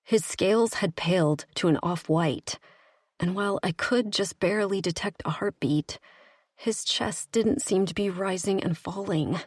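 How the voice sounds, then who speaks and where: A woman reading a first-person romance audiobook in a steady, even tone into a close studio mic. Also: medium pitch, unhurried, no room sound. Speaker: audiobook narrator.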